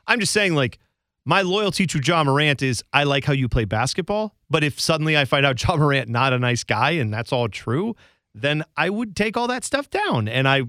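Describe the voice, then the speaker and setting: Man, thirties, podcast co-host, casual sports chat, sarcastic, joking, mid pitch, dry close mic. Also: a little fast, no echo. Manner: joking, sarcastic, animated storytelling.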